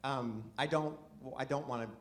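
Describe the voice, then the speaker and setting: A man doing a rambling, self-deprecating stand-up comedy set with excited outbursts, before a live audience. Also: medium pitch, moderate pace, heavy background noise.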